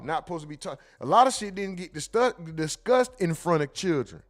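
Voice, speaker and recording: Streamer type: high-pitched man, animated and loud in bursts, casual chat-reading host. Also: brisk, faint music behind. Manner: animated, loud bursts, mimics people in quotes, laughs. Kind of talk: casual live stream commentary.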